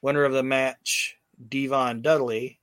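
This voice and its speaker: A man hosts a laid-back podcast, recapping events in a loose, rambling way full of swearing, fillers and false starts. His voice sits at an ordinary pitch and is recorded dry and close. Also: flat delivery, a little slow, a bit bright, no room sound. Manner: rambling, profane storytelling with many fillers and restarts. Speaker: podcast host. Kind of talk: casual recap chat.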